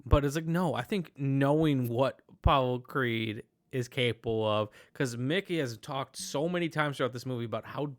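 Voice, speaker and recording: A man's voice: medium pitch, normal speed, few pauses. Man in a casual movie chat. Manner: animated, rambling with restarts and fillers. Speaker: podcast host.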